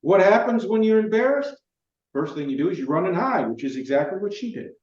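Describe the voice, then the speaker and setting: A man's voice: sits high, sing-song, a little fast, a little mellow. A man giving informal spiritual teaching as host, emphatic and asking questions he then answers. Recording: echoey, distant, muffled.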